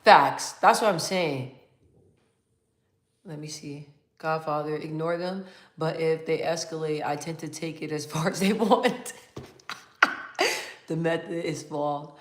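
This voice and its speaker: A woman hosting a casual livestream, reading viewer comments aloud and talking in a calm, even tone with lots of fillers and frequent laughs. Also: low voice, unhurried, pauses often, reverberant. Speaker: livestream host.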